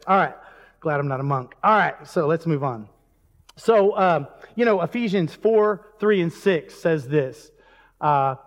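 A man preaching a casual, chatty sermon in church, breaking off mid-sentence and chuckling at asides. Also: a little high. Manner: conversational, self-interrupting, chuckling asides. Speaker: pastor. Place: church sanctuary. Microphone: handheld or stage mic. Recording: long reverb of a church hall.

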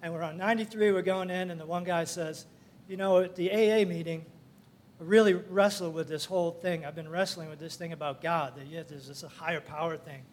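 High-voiced older man telling a story. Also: fairly even intonation, fairly quick. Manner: rambling, folksy, with frequent fillers and laughs. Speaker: church member sharing a testimony. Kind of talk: casual storytelling testimony.

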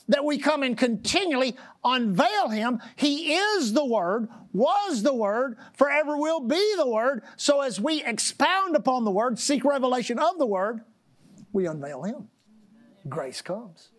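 A woman's voice: high-pitched, very animated. Woman preacher leading call-and-response. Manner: calls the congregation to repeat phrases; reads scripture slowly with emphasis. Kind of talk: sermon.

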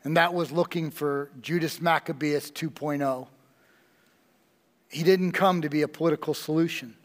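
Male pastor, high voice, unhurried sermon delivery, reverberant church hall. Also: steady tone. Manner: slow, emphatic preaching with dramatic pauses.

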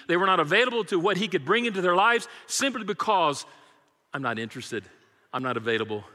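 A man's voice: high-pitched, sharp tone, in a large hall. A man preaching a sermon as pastor, emphatic and rhythmic, calling out to his congregation in a church sanctuary.

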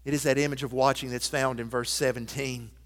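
A man preaching a sermon, quoting scripture and hymn lines and moving from loud emphatic declarations to soft, intimate asides. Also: mid-range voice, flat delivery, fairly quick. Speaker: pastor.

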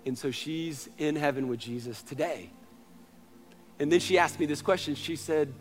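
A man in his thirties, a pastor, preaching a sermon in earnest storytelling style, moving between loud passages and hushed ones. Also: on the high side, moderate pace, faint music behind.

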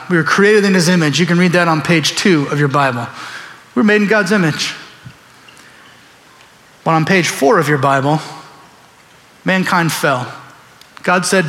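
In a church sanctuary with a long reverb tail, a pastor with a slightly high, somewhat bright voice preaches. His sermon is conversational storytelling, and he acts out the voices of people he quotes.

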